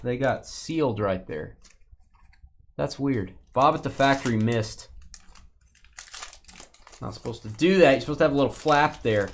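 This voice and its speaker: A man's voice: medium pitch, vocal fry, slight background noise. A man hosting a live sports card break stream, joking with viewers and chatting as he opens packs. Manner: jokey, reads out viewer names and teams, banters with chat; chatty asides about cards as he opens packs. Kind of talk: casual live-stream commentary.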